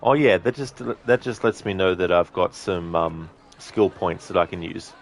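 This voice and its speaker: With a low voice at a moderate pace, this man streams a video game over slight background noise. His commentary is casual and chatty, and he frequently laughs while reading out messages from his chat.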